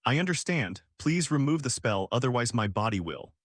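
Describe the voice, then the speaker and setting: A man reading out a cruel fire demon who sneers and taunts his victims. The lines come in a lively, swinging storybook delivery. The recording is close and dry. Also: mid-range voice, moderate pace, no echo. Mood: cowed. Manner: mocking, sneering.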